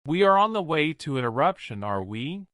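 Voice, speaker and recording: A man's voice: a little high, very animated, moderate pace, fairly bright tone, no room sound, studio quality. A man reading an audiobook voices a terrified young man who cries out in alarm and exasperation. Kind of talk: audiobook character voice.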